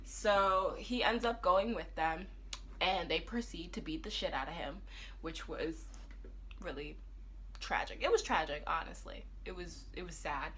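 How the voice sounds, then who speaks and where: A woman reviewing a TV episode in a casual, animated retelling that acts out the characters' lines. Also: on the low side, a little slow, slight background noise. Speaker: TV review vlogger.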